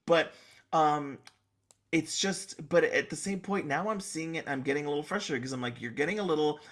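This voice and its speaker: A man's voice: fairly high pitch, moderate pace. A man guest co-hosting a podcast, chatting casually and rambling animatedly about a soap opera. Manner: animated, rambling, restarts and laughs. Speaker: guest co-host.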